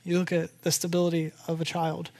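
A pastor preaching a sermon to a congregation in church, animated and emphatic, repeating key phrases and swinging from loud to hushed. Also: medium pitch, fairly quick.

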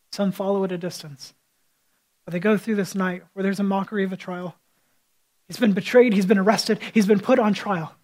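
High-voiced man preaching a vivid sermon. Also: rough recording. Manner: vivid storytelling, retelling scripture with quoted speech. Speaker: pastor.

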